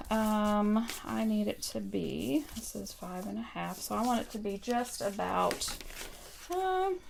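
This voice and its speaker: A woman's voice: mid-range voice, creaky, noisy background. A woman casually demonstrating card making on a live stream, thinking aloud with frequent ums and asides to viewers. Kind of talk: casual live craft tutorial.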